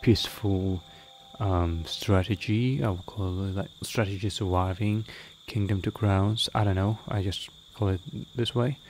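A man talks slowly through a game he is playing, his voice gravelly with fry. He hesitates and fills gaps with ums, reading on-screen prompts aloud. The home recording carries clear background noise and chirping crickets. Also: sits low, fairly even intonation, a little mellow. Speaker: gaming video creator. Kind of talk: casual let's-play commentary.

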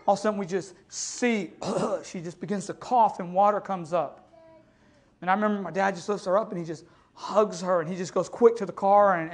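A pastor delivering an impassioned sermon in a church, moving between loud exhortation and hushed storytelling and often asking his listeners for an amen. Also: high voice. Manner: calls listeners "family" and keeps asking "amen?". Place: church sanctuary.

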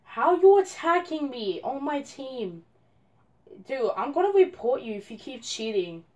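A woman's voice: sits high, very animated, a little slow, darkish tone, muffled recording. A young woman commenting on her gameplay, frustrated and complaining at a teammate. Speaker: gamer.

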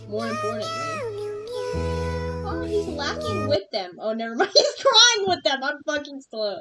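Excitable young woman streamer, high and lively. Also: rough recording. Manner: excitable, slangy, swears a lot, shrieks in disgust. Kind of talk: live reaction stream.

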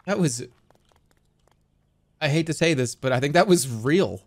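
A man in his thirties streaming a game live, talking in an animated, rambling and profane way. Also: a little high, a little slow. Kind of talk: live gameplay commentary.

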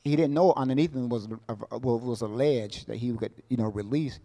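A middle-aged man preaching a sermon as pastor, repeating his phrases, calling out for amens and swinging between loud bursts and quiet asides. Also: mid-range voice, a little fast, long reverb tail. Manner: call-and-response, asks the congregation for amens; repeats words and phrases for emphasis.

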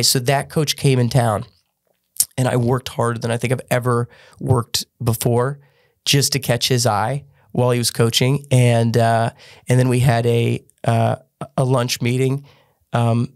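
A man recounts his athletic past in an earnest, unhurried way as a guest on a podcast. His delivery stays even and level, with little rise and fall. Many of his sentences restart partway through. The sound is close and dry, with no room echo. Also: mid-range voice. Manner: earnest, with frequent restarts and fillers. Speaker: podcast guest, former gymnast turned business owner. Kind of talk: casual storytelling interview.

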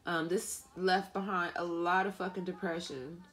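A woman's voice: lowish voice, little pitch movement, normal speed, a bit bright. A woman giving a casual tarot reading, playful and profane, often breaking into laughter. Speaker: tarot reader and life coach.

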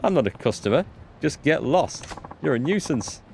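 A man reading the lines of a calm, practical male brawler from a game, in a dry, matter-of-fact way. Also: fairly high pitch, moderate pace, gravelly, slight background noise, voice pushed up. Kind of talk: reading game subtitles aloud.

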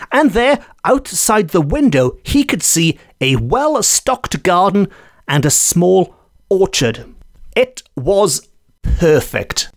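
A man who hosts a podcast, telling an old folk tale in an expressive way. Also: high-pitched, dry recording, studio quality. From Wales. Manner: expressive, unhurried storytelling. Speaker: podcast host.

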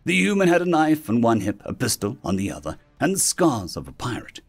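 Guy reading a sci-fi story, lively up and down delivery, faint music underneath. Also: mid-range voice, fairly quick, vocal fry, husky. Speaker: story narrator. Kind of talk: scripted sci-fi story narration.

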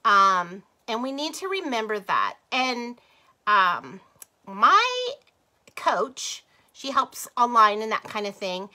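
A woman's voice: a little high, pushed and bright. A middle-aged woman chatting casually with livestream viewers while she crafts, rambling, laughing and drifting off topic. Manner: talks to viewers as "you guys" and "y'all".

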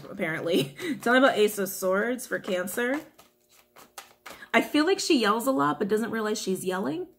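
Casting note: woman tarot reader, talkative and direct, mid-pitched voice, faint hiss underneath. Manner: chatty, repeats questions to the cards. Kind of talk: tarot reading monologue.

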